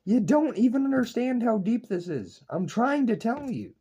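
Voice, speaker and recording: A man's voice: extremely high pitch, very animated, moderate pace, mellow, husky, lo-fi sound. A young man lecturing his viewers in an intense, profane, repetitive philosophical rant to camera. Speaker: online video creator.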